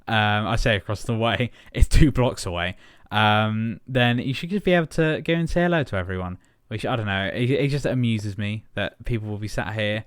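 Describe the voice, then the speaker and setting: Rambling young man, smooth low voice. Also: no room sound, clean studio sound. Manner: rambling, self-deprecating, many fillers and chuckles. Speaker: gaming channel host. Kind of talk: casual Minecraft building commentary.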